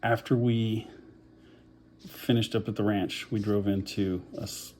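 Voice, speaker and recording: Man, casual vlog diary, rambling and a bit winded, low mellow voice, faint background hum. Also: flat delivery, measured pace. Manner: rambling, many fillers, self-deprecating. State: short of breath after covid, on oxygen. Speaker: vlogger.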